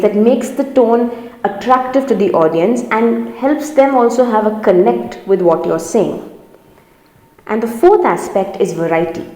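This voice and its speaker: A woman's voice: on the high side, mellow. A woman teaching presentation skills in an explanatory, emphatic lecture style. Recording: roomy hall with long reverb.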